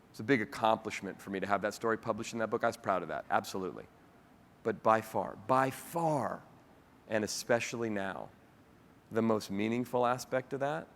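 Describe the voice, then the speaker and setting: A man giving a keynote speech, telling a personal story with feeling and acting out the voices of the people in it. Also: fairly low pitch. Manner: lively storyteller who acts out quoted dialogue. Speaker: keynote speaker. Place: large hall with a live audience. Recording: long hall reverb.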